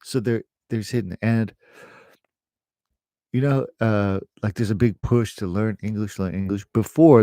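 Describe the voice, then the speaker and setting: A man's voice: lowish voice, normal speed, warm tone, no room sound, clean studio sound. A middle-aged man, an English teacher, chatting casually to camera in a rambling way, with fillers and laughs.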